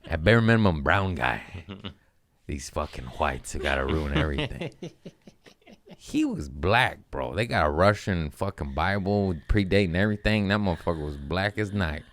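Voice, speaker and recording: Low-voiced profane man, lively rambling. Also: moderate pace, a little hiss or hum. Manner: profane, jokey, bursts into silly put-on voices. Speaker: comedian host. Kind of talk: rambling comedic podcast chat.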